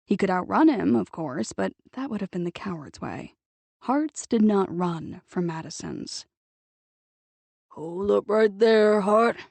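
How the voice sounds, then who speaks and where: A woman reading a novel aloud as audiobook narrator in a measured, even storytelling manner on a close mic. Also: mid-range voice, creaky, dry recording. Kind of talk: scripted narration.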